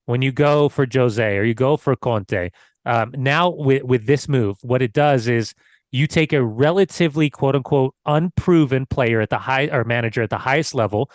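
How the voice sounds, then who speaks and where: A man's voice: mid-range voice, normal speed, no room sound. Man, podcast co-host, teasing, analytical, dry sound. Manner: teasing, analytical, repeats phrases. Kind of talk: casual football chat.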